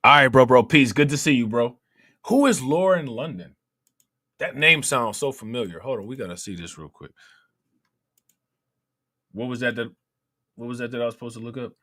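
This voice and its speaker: A man with an Ohio accent runs a casual livestream, talking loosely and laughing often between thoughts. His voice is bright and forceful, recorded dry and close with no room around it. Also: mid-range voice, lively intonation, normal speed, long pauses, no echo. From Ohio, USA. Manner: loose, conversational, laughs often, keeps asking "you know what I'm saying". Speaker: livestream host reading chat.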